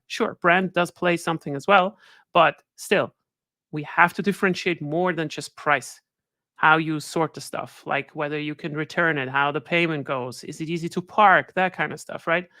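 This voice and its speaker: A woman with a low, fairly bright voice gives a conversational webinar talk as a guest speaker, often checking in with listeners by asking "right?" The studio recording is clean, with no echo.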